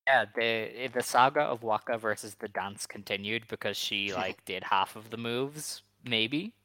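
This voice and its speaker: Low-voiced podcast guy, kinda rambly with ums everywhere, bright tense tone, dry sound. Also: measured pace, no echo, poor audio. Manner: rambling, hesitant, filler-heavy. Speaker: podcast co-host. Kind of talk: casual chat.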